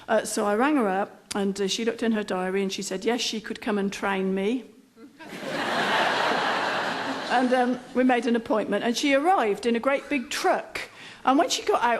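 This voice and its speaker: Middle-aged woman spinning a comic story, high voice, dry and self-mocking. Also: a little hiss or hum. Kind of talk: humorous anecdote told on stage.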